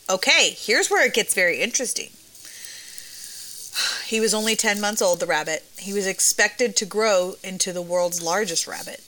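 A woman co-hosting a casual podcast chat, animated and quick to laugh, jumping up high when she is outraged. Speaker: podcast co-host.

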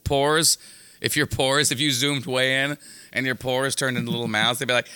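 A man's voice: mid-range voice, little pitch movement, normal speed, bright, forceful tone, clear, resonant tone. A man co-hosting a podcast in casual comedic banter, rambling and cutting himself off on jokey tangents. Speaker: podcast co-host.

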